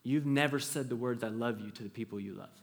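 A pastor in his thirties preaches to his congregation in a medium-pitched voice at a fast clip. He's earnest and conversational, often restarting his sentences and telling stories with acted-out quotes.

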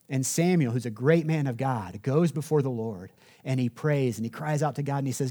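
A man's voice: mid-range voice, normal speed, mellow. A man preaching a sermon in a conversational way, often checking in with listeners and adding humor. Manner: conversational, asks the audience "right?", jokes. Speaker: pastor.

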